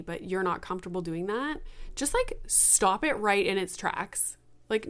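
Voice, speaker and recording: A blunt woman in her late thirties hosts a solo podcast. She talks straight to her listeners in a casual, frank way and drops the odd swear word. Her voice sits at an ordinary middle pitch for a woman. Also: animated, a little slow. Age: 30s. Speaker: podcast host.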